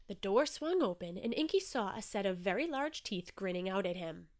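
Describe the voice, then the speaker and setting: A woman narrating a children's storybook with a gentle, expressive reading. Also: medium pitch, normal speed.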